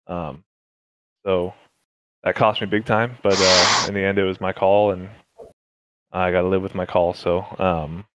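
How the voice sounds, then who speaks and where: A man's voice: deep voice, flat delivery, a little slow, long pauses, background noise. A man, a racing driver, talking casually through a race with many fillers and restarts. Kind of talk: casual interview chat.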